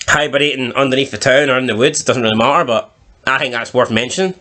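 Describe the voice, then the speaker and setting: A man recaps a TV episode in casual chat with a bright, crisp voice at an ordinary pitch. His manner is dry and skeptical. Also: quick pace. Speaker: TV review podcast co-host.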